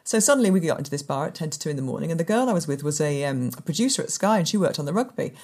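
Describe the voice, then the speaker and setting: A woman's voice: sits low, very fast. A woman in her forties, a sports presenter, chatting as a guest and animatedly telling stories. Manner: animated storyteller, acts out quoted voices. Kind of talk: casual interview chat.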